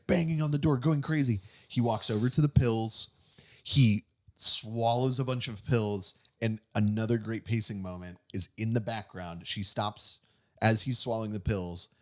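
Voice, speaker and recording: A man hosting a casual movie review chat, excitedly recapping a plot with lots of fillers and restarts. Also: on the low side, unhurried. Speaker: movie review podcast host.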